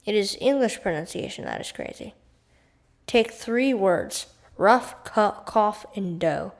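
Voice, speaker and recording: A woman's voice: medium pitch, lively intonation, slow pace, creaky. A woman reading as a fussy French shopkeeper. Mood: insistent. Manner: emphatic and fussy about pronunciation.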